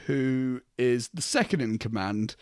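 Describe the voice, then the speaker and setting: A man's voice: mid-range voice, lively intonation, a little slow, darkish tone, clean tone, no echo, clean studio sound. A young man co-hosting a casual film podcast, swearing freely and laughing as he talks. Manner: swearing, laughing, acting out characters' lines. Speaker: podcast co-host.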